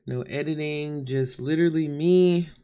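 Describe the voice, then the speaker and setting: A woman's voice: deep voice, a little slow, dark tone, clean tone. Chatty woman talking openly to her viewers. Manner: chatty, open, addresses viewers as y'all and honey. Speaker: vlogger. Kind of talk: candid live-stream chat to viewers. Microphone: camera mic.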